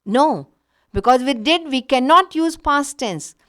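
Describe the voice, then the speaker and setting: Lively-voiced teacher. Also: female voice, high-pitched, measured pace. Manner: patient, explaining with examples. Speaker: English teacher. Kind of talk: recorded grammar lesson.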